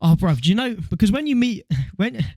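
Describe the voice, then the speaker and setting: Fast-talking young man, dry mic. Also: high voice, lively intonation, mellow, no room sound. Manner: quick, slangy banter. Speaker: podcast co-host. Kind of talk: casual chat.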